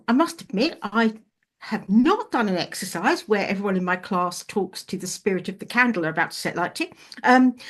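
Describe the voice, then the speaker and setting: A woman guest chatting casually in an interview as a witch and author, searching for words as she goes. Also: a little high.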